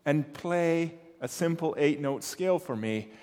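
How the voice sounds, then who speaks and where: A man playing a patient mother gently coaxing her son, in a soft, encouraging tone. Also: on the high side, expressive, unhurried, long reverb tail.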